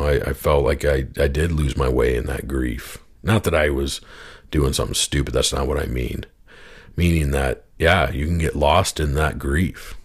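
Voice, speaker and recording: A man with an extremely deep, husky voice hosts a podcast. He speaks earnestly and from the heart, circling back to his points and addressing the listener directly with encouragement. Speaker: podcast host. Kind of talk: reflective spoken monologue.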